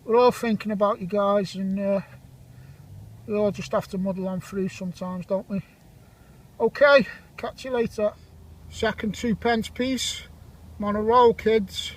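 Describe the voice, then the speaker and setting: Chatty man with a high voice detecting outdoors. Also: fairly even intonation, a little slow, long pauses, rough recording. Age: 40s. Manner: chatty, jokey, gives shout-outs to friends. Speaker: metal detecting vlogger. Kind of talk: casual commentary while detecting outdoors. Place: outdoor field.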